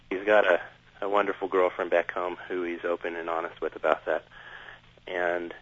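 A man talking as a radio interview guest, earnest and measured, recounting things at length. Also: deep voice, a bit bright, no echo. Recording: dull, dry sound.

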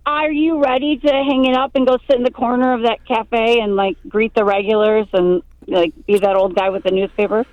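A woman's voice: a little high, steady tone, a little fast, hardly any pauses, no room sound, highs cut off. A middle-aged woman comedian calling in from outdoors at a festival, playful and teasing in a comic chat. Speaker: comedian and regular correspondent.

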